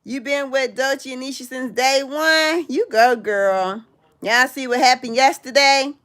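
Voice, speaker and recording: A middle-aged woman hosting a casual livestream, chatting with viewers and calling out where they are from. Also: unhurried. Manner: chatty, reads out viewers' locations, calls out "in the house"; animated, jumps high in pitch when greeting viewers. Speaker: livestream host.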